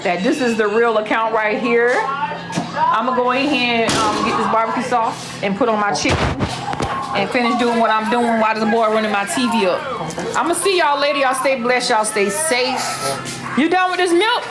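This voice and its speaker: Woman vlogger, fairly high voice, loose rambling chat, loud music under her. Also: moderate pace, rough recording. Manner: relaxed, rambling with fillers. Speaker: mother. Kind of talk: casual vlog chat. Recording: vlog with loud music behind.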